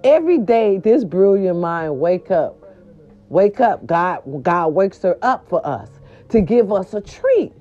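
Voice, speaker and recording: A woman hosting a casual celebrity gossip show, loud, animated, swooping and profane. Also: mid-range voice, unhurried. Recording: dull lo-fi sound.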